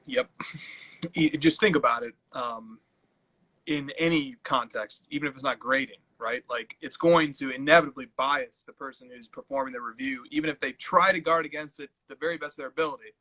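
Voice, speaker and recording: A man's voice: medium pitch, a little fast, bright, forceful tone, no room sound, rough recording. A man co-hosting a casual live-stream chat, thoughtful and easygoing. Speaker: co-host.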